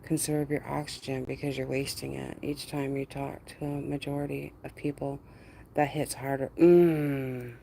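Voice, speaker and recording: A woman's voice: extremely low pitch, flat delivery, moderate pace, vocal fry, warm tone, slight background noise. A woman hosting a casual livestream, greeting viewers by name, laughing often and mimicking others in quotes. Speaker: livestream host. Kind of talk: casual live-stream chat with viewers.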